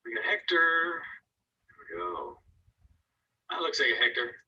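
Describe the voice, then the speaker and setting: A man's voice: on the high side, big pitch swings, measured pace, slightly rough, recorded from a distance, lo-fi sound. A man teaching an online painting class, giving casual, encouraging critiques of students' work and thinking aloud as he goes. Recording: voice from away from the mic.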